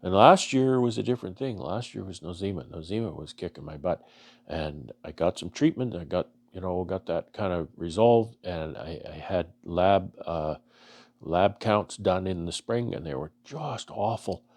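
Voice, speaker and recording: A man from Canada, a beekeeper vlogger, talking to his viewers in a halting, earnest way with many restarts, emotional and choking up. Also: low-pitched, animated, darkish tone. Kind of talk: casual heartfelt talk to camera.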